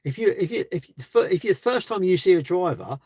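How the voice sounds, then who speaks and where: A man's voice: high-pitched, animated, fast talker, a little mellow, breathy edge, dry recording. A man chatting on a live stream from his parked car, rambling and asking rhetorical questions. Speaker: livestreamer. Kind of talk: casual live stream chat.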